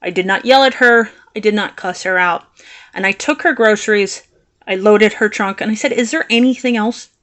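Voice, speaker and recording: A woman telling a personal story to the camera in an animated, indignant and sarcastic way. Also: medium pitch, normal speed. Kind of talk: storytelling vlog.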